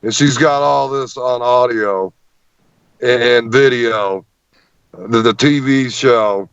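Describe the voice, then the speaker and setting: A man tells a story as an interview guest, animated and often stumbling over repeated words. His voice sits at an ordinary middle pitch. The sound is muffled and dry, with no room echo at all. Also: slow pace, clean tone.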